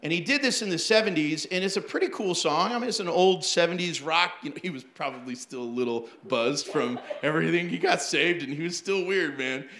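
A man who is a pastor, telling funny church stories in an animated sermon, acting out the people he quotes and laughing often. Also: fairly high pitch, a little fast, few pauses, echoey room. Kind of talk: storytelling sermon.

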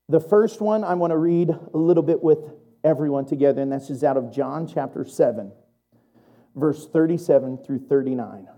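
Animated sermon preacher, mellow warm voice, chatty asides to the congregation. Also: medium pitch. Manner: animated, laughs often, builds to loud emphatic delivery.

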